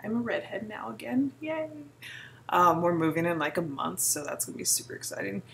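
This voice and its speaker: Blunt, lively-voiced woman vlogging. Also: lowish voice, fairly quick, gravelly, a little hiss or hum. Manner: blunt, exasperated, sarcastic. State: pregnant. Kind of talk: casual vlog rant.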